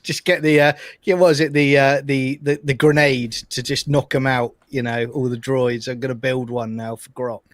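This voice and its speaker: A man co-hosting a live podcast over a video call, laughing often and chiming in with quick agreeing remarks. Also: mid-range voice, fairly even intonation, dry recording, studio quality. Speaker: podcast co-host. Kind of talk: casual live-stream chat.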